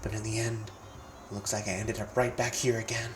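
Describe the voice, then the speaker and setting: A streamer voicing a brooding, gruff teenage boy from a role-playing game, in a low, muttered delivery. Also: flat delivery, moderate pace, slight background noise, close to an everyday voice. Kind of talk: reading game dialogue aloud on stream. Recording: roomy sound with faint game music.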